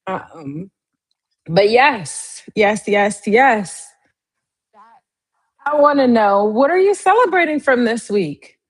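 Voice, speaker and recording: A young adult woman hosting a casual live stream, chatting directly to her viewers in a lively way. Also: takes it slowly, long pauses. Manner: lively, swings up high in pitch.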